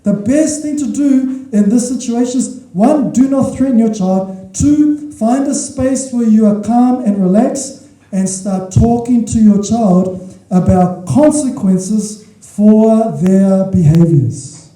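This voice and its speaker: A man's voice: very high voice, unhurried, mellow. A man preaching a sermon as a pastor, emphatic, repeating his key points and checking in with the congregation. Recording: echoey hall from far off.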